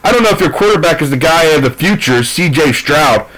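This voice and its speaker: Frustrated male sports podcaster, profane rambling rant, voice on the higher side. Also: expressive, a little fast, a bit bright, poor audio. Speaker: sports commentator. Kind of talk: ranting sports recap.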